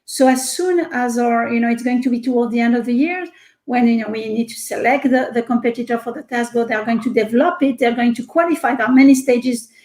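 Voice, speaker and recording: A woman with a French accent, appearing as a research executive guest, talks animatedly in a casual video-call interview. Her voice is a little high and a little mellow, and she speaks fast, repeating words and using lots of fillers. The recording is rough and sounds roomy.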